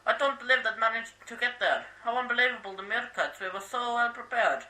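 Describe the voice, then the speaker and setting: A man voicing a dismayed male meerkat crew member in an amateur animated movie, soft and deflated. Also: very high-pitched, a little fast, voice pushed up, heavily acted. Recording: distant, roomy echo.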